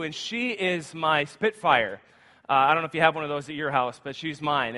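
A man's voice: on the high side, pushed and bright, big-room sound. A man in his thirties preaching a guest sermon, casual and conversational, telling family stories with asides. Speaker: guest pastor. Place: school auditorium used for church.

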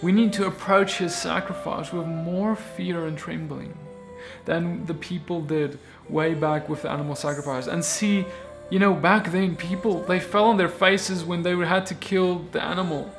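An earnest man preaches in a casual video sermon, emphatic and often restarting his sentences. His voice sits a little high for a man. Soft music plays faintly behind him. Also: fairly even intonation, moderate pace. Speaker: Bible teacher.

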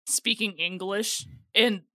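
Casting: an articulate, enthusiastic female co-host with a bright, dry voice. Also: mid-range voice, fairly even intonation, slow, no echo. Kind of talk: casual chat about an anime.

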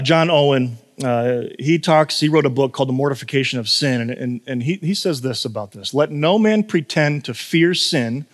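A man preaching a sermon in a relaxed, conversational way, telling stories and often checking in with "right?". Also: on the high side, in a large hall. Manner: conversational, self-deprecating storytelling with frequent "right?". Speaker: pastor.

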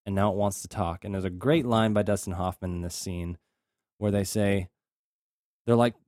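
A man with a somewhat low voice talks through a film plot in a loose, joking way. He slips into quick put-on voices for the characters. The sound is dry and close to the mic. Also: fairly even intonation, darkish tone, dry recording. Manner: laid-back, acts out lines in jokey put-on voices. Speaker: podcast co-host. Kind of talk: casual movie recap chat.

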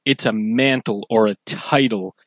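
A man's voice: fairly low pitch, a little slow, a bit bright, dry recording. Casual male podcast host. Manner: loose, sweary, rambling with fillers. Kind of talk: casual chat.

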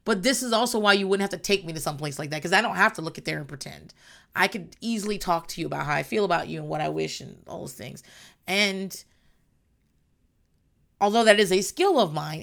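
A woman's voice: lowish voice, vocal fry, a bit bright. A woman in casual chat, recapping a reality show in a blunt, rambling way and swearing often.

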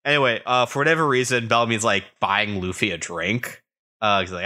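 A man's voice: on the low side, steady tone, sharp tone. A man co-hosting a podcast, recapping a manga chapter by chapter in casual chat with joking asides. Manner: recaps the plot with joking asides and quick voiced quotes. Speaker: podcast co-host.

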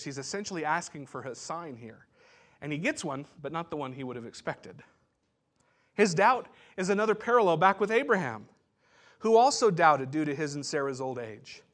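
A man's voice: a little high, a bit bright. A man pastor giving a sermon, teaching in a conversational way with asides and restarts.

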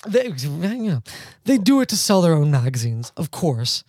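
A man's voice: a little high, sing-song, moderate pace, a little mellow, no room sound. A man hosting a podcast in casual chat, sardonic and rambling, laughing often. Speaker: podcast host.

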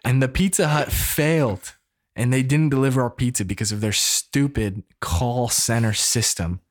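A man in his thirties from the United States, telling a story casually in an animated, preacher-like way. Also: mid-range voice, normal speed. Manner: animated, preacher-like call-and-response.

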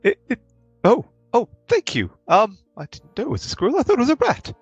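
A man's voice: very high-pitched, huge pitch swings, a little fast, husky, no room sound, muffled recording, faint music behind, voice pushed up, heavily acted. A man voicing a startled woman at a fair who squeals and shrieks in panic. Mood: flustered.

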